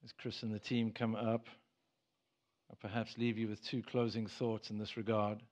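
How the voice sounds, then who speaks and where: A man's voice: lowish voice, level tone, moderate pace, darkish tone. Earnest man preaching a sermon. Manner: earnest, rises to emphatic bursts, many restarts. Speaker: pastor. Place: church. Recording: dull church service recording.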